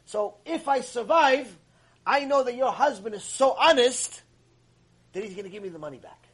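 A man acting out a frightened fugitive urgently explaining himself, in a husky voice. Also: extremely high pitch, lively intonation, normal speed, fairly bright tone, heavily acted.

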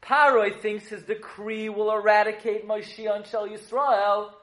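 A man's voice: sits high, fairly even intonation, a little slow, fairly bright tone. A man teaching a humorous Torah lesson as a rabbi, telling stories, joking and quizzing his listeners. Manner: joking, storytelling, quizzes the audience. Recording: echoey room.

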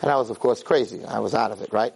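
A man's voice: on the low side, very fast, gravelly, husky, rough recording. A man giving a Torah lecture as a rabbi, telling stories in an emphatic, rambling way. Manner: animated, emphatic, rambling storyteller.

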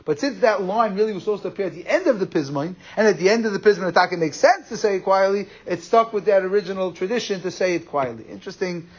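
A man teaching a Torah class, explaining quickly and animatedly, with Hebrew and Yiddish terms in his English. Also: high voice, lively intonation. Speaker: rabbi giving a class. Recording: muffled lo-fi recording.

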